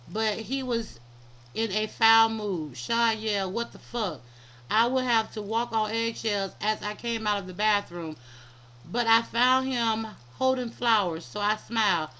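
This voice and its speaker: Woman podcast host reading a book aloud, bright and slightly high, stumbling through with restarts. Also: poor audio. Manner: stumbling reading with frequent restarts and self-corrections.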